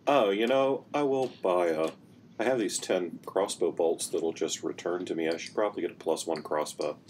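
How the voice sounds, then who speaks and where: A man's voice: sits low, normal speed, a little mellow, a little hiss or hum. A man playing a tabletop game, matter-of-fact about his gear. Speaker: player. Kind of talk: casual tabletop chat.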